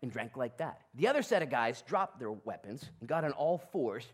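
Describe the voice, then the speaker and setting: A male pastor preaching a sermon in a church, conversational and animated, swinging between loud and hushed. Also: medium pitch, normal speed. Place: church sanctuary.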